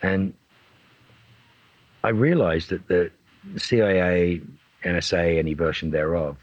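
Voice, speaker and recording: A man, an actor being interviewed, telling animated stories and acting out what people said. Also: low-pitched, measured pace, no room sound, highs cut off. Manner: animated, acts out quotes in voices. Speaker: actor guest. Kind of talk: casual interview storytelling.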